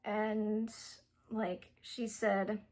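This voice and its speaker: A woman's voice: medium pitch, flat delivery, very slow, a little mellow. A young woman casually retelling a book's plot, rambling with lots of fillers and giggles. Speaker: book reviewer.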